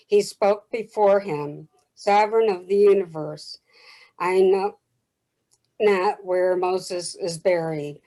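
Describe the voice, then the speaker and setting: A woman reads an ancient text aloud to a study group, slowly and carefully. Her voice is mellow and dark in tone. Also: medium pitch, low-quality recording. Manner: slow, careful reading. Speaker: class participant reading aloud.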